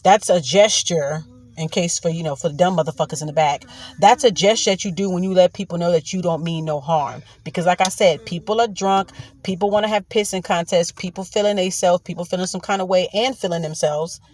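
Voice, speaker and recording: A woman's voice: lowish voice, fairly quick, darkish tone. A woman host tells a personal story in a loose, casual monologue. She is blunt and profane, and she keeps circling back to stress her points with repeated asides.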